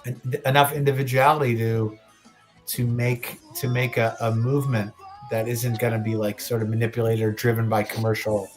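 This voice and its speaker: A man's voice: mid-range voice, little pitch movement, normal speed, soft background music. A man in his late thirties co-hosting a casual podcast, rambling with lots of swearing and restarts. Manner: rambling, profane, restarts a lot. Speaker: podcast co-host.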